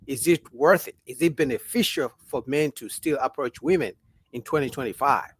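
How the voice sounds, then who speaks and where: This livestream host speaks in a slightly rough mid-range voice at a moderate pace. He's animated and argumentative, firing off rhetorical questions and reading viewer chat comments aloud.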